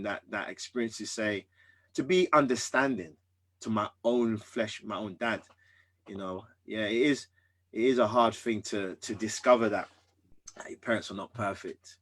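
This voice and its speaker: A husky-voiced man tells a personal story as a podcast guest. He is earnest and emphatic, getting loud one moment and hushed the next, at a middling pitch.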